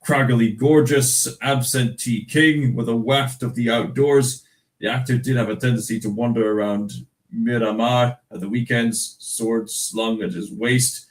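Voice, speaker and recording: A man's voice: medium pitch, measured pace, fairly bright tone, rough recording. A Scottish man hosting a livestream, reading news aloud in casual chat, chuckling often and stumbling over restarts. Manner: chatty, chuckles often, many fillers and restarts. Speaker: livestream host.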